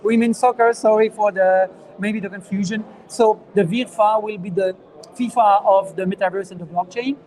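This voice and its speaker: French-accented man with a high voice. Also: fairly even intonation, a little mellow, low-quality recording. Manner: earnest, halting with fillers and repeats. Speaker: startup founder, guest. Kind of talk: casual interview answers. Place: conference venue.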